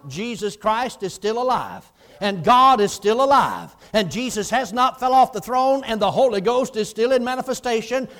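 A man preaching a sermon, swinging from low murmurs to impassioned shouts.

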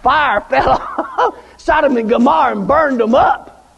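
A man's voice: very high voice, unhurried, gravelly, a bit bright, breathy edge. A man preaching a sermon in a church, fervent and repetitive, often calling out for amens. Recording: dull lo-fi recording with long church reverb.

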